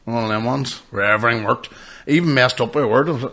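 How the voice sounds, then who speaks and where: Man, bright forceful voice, sweary storytelling, podcast host. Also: medium pitch, quick pace. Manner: sweary, laughs often, storytelling. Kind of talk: casual chat.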